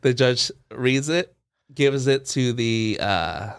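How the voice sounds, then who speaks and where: A man's voice: mid-range voice, slow pace, vocal fry, clear, resonant tone. A man co-hosting a podcast, casually retelling a story with lots of "like" and acted-out quotes. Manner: animated retelling, acts out quoted voices, fillers like "like". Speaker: podcast co-host.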